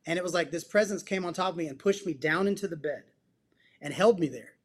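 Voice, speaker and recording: A man's voice: fairly high pitch, fast talker, slightly rough. A man as a podcast guest, telling a personal testimony in an earnest, emphatic way and dropping casual slang as he goes. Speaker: podcast guest, psychotherapist and men's coach.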